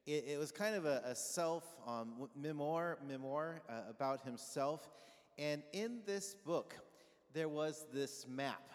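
A pastor with a slightly high, slightly slow voice delivers a conversational sermon, asking his congregation questions and getting answers called back. The long reverb of a large hall fills the recording.

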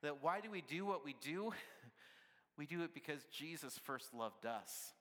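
A man delivers a sermon in a conversational, playful way, tossing questions and light laughs to the congregation. His voice is bright and fairly high for a man. The sound carries the long reverb of a church hall. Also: animated, normal speed. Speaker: pastor.

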